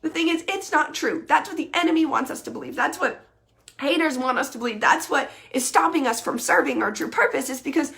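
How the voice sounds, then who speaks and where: Woman in her thirties, casual live-video talk, high gravelly voice, earnest and emphatic. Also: brisk, a bit bright.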